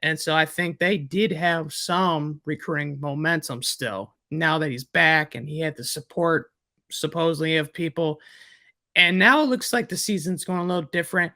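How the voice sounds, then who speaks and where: A Midwestern-accented man talks through recruiting news on a podcast, circling and restarting his thoughts. His voice sits a little high and sounds sharp and bright, recorded dry and close. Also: normal speed, no room sound. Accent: Midwestern American. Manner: rambling, many fillers and restarts. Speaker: recruiting analyst co-host. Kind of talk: casual sports podcast chat.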